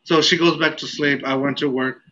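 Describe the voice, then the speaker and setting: A man's voice: on the high side, fairly even intonation, a little fast, pushed and bright. A man hosting a casual podcast, telling a story with lots of "like"s and laughs. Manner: laughing, rambling with many "like"s. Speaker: podcast host. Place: lives in Texas. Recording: dull lo-fi sound with faint ambient noise.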